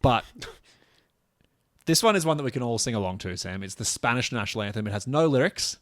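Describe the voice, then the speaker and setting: A man co-hosting a music podcast in relaxed banter, laughing often. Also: medium pitch, brisk, no echo, studio quality. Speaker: podcast co-host. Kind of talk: casual chat.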